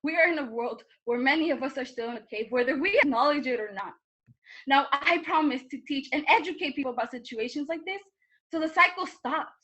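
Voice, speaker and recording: Through a muffled recording, a young student performer's voice sits high, bright and forceful, moving a little fast. She performs an earnest, impassioned spoken-word monologue over a video call and puts pointed questions to those listening.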